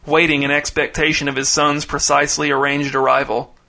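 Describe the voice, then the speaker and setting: A man reading a short story aloud in a measured, deadpan way. His voice is bright and slightly high, and his intonation stays flat and even. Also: gravelly. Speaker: narrator. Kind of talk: scripted short story narration.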